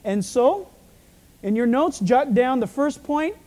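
A male pastor with a croaky, frog-like voice, preaching a sermon with storytelling asides. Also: very high voice, expressive, slow, darkish tone.

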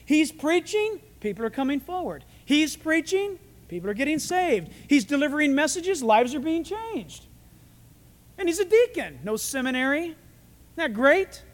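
A man preaching a sermon, animated, acting out voices and shouting for emphasis. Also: very high-pitched. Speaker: pastor. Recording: reverberant hall.

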